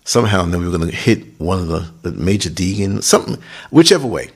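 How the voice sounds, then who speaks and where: A man hosting a podcast, talking through a reflective monologue that grows animated when he recalls moments. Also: deep voice, fast, gravelly, husky. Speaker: podcast host. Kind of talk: casual monologue.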